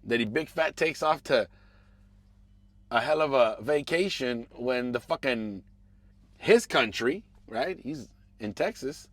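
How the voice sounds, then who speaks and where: A man hosting a podcast. He rants casually and profanely about politics, muttering one moment and shouting the next. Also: medium pitch, takes it slowly, no room sound. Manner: animated, profane, swings between mumbling asides and raised outbursts. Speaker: podcast host.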